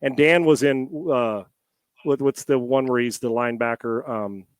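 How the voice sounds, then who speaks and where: A middle-aged man, a former quarterback, telling a long story as a podcast guest from home on a headset mic. He talks in a lively, rambling way, with many restarts and the odd swear word. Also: mid-range voice, normal speed, smooth, no room sound. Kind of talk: storytelling in a casual interview.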